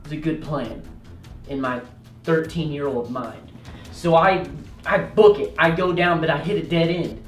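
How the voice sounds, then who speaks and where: A young man hosting a comedic story time, animated and quick to yell out loud bits. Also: a little high, far from the mic. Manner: animated, yelling out quoted lines and rushing through bursts. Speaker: storytelling host. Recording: roomy echo, off-mic, faint music.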